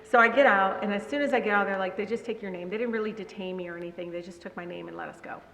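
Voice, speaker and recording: A woman speaking as a guest, telling animated stories to a live audience, laughing as she goes and slipping into the voices of her family members. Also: medium pitch, rapid-fire, gravelly. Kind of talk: conversational storytelling to a live audience. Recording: echoey hall, faint background hum.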